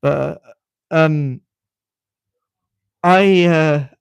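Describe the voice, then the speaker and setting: Extremely slow and slightly high-pitched, this man's voice is gravelly yet smooth, recorded with no room sound. A well-spoken Briton in his fifties from the United Kingdom, he hosts a laid-back live chat and keeps stopping to repeat himself.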